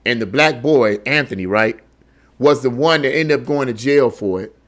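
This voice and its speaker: A male online political commentator gives a heated monologue on a news article at normal speed and medium pitch. He stumbles on repeated words and constantly poses rhetorical questions.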